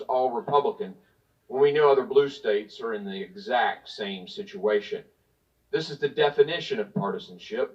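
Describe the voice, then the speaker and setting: A congressman from Tennessee delivers pointed, partisan remarks from his notes. His mid-pitched voice sounds distant from the mic. The hearing-room audio is dull and muffled. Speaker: congressman questioning a witness.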